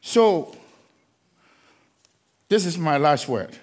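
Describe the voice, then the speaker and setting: A man's voice: on the high side, animated, drawn-out words. A middle-aged man preaching a sermon, not a native English speaker, often slipping into sung, chanting refrains. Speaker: pastor.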